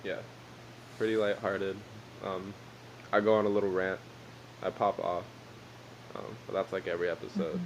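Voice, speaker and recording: A young man co-hosts a casual podcast in a low voice, jokey and rambling, often laughing at his own bits. A faint hiss runs behind him. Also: fairly even intonation, normal speed, pauses often, poor audio. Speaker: podcast co-host. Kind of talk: casual chat.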